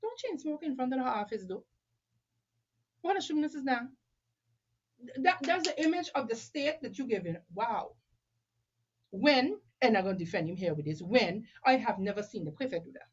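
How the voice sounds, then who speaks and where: A woman's voice: fairly high pitch, animated, moderate pace, long pauses, dull audio, a little hiss or hum. A woman in casual conversation, emphatic and opinionated, switching between English and French mid-sentence. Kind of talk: casual chat.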